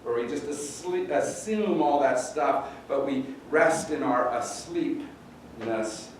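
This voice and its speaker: A pastor preaching a sermon in a conversational, halting way, often repeating words. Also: male voice, medium pitch, slight background noise. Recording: roomy echo, distant mic, faint ambience.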